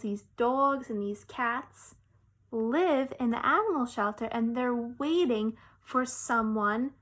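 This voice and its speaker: Slow-talking woman telling a kids' story. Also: on the high side. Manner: expressive, explains simply to kids. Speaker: teacher. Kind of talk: storytelling for young children.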